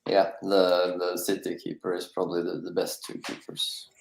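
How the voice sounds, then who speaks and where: A man guesting on a football podcast, answering in a hesitant, halting way. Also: low-pitched, monotone, creaky. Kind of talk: casual chat. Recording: roomy echo.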